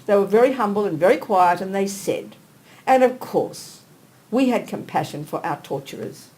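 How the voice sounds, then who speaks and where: An older woman giving a Buddhist teaching in a blunt, emphatic, conversational way, swinging between quiet asides and animated bursts. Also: fairly high pitch, low-quality recording. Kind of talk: dharma teaching talk. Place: teaching hall.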